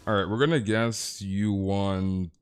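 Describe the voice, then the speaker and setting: A man's voice: fairly low pitch, steady tone, measured pace, soft background music. Laid-back young male gaming streamer. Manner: laid-back, chuckling, talks to chat, says "dude" a lot. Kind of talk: casual livestream chat.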